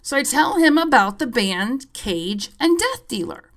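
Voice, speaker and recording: A woman podcast host telling a story in a casual, animated and profane way, with wry asides. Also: high voice, unhurried.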